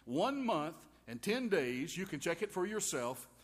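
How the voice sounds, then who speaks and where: A man preaching in a folksy, wry style, tossing in homey quips as he goes. His voice sits a little high for a man, and it rings out with the long reverb of a large hall. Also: sing-song, a little slow. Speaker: pastor. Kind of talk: sermon.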